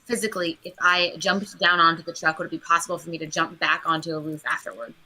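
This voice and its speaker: A woman's voice: deep voice, fairly even intonation, quick pace, pushed and bright, rough recording. A woman playing a tabletop game, hesitantly asking questions and restarting her sentences. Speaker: player.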